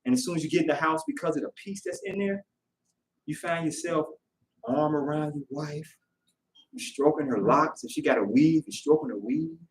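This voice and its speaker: A man preaching a sermon in casual, conversational speech, lively as he acts out voices. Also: a little high, moderate pace, slight background noise. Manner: animated, acts out quoted voices. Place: worship hall. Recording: echoey room, voice from far off.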